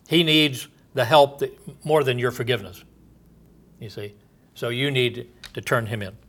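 A man's voice: medium pitch, a bit bright. A man preaching a sermon as a pastor, reading scripture aloud and asking emphatic rhetorical questions.

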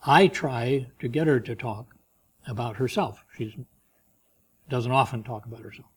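A man delivers a sermon in a conversational preaching manner, at a mid-range pitch. He reads passages aloud with rising emphasis, then drops into soft, offhand asides. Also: unhurried, breathy edge. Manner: conversational preaching, swinging between loud emphasis and quiet asides. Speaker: pastor.

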